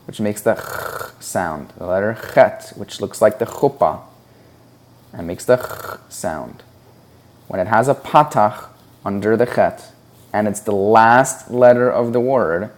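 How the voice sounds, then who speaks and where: A man teaching a Hebrew reading lesson, explaining patiently and sounding out syllables one at a time. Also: on the low side. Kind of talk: slow, deliberate instructional explanation.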